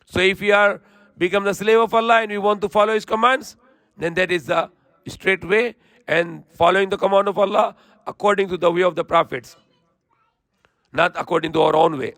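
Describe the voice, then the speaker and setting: A man's voice: high-pitched, a bit bright, dry recording. A man preaching, reciting verses and then translating and explaining them earnestly. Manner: rapid, fluent recitation. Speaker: Islamic preacher. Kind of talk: verse-by-verse Quran commentary.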